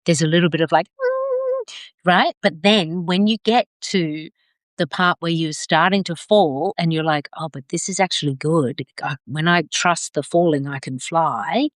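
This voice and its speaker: A middle-aged woman leading a live video circle, gentle and affirming, drawing out her phrases as she reads out comments. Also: low voice, normal speed, no echo, clean studio sound. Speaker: circle facilitator.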